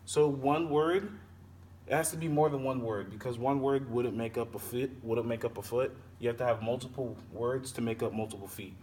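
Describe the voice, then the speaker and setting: A man teaching poetry, taking it slow and sounding out each word syllable by syllable. He sits some distance from the mic, and a faint noise hangs under his voice. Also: mid-range voice, darkish tone. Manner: explains slowly, repeating and sounding out words. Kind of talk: poetry lesson explanation.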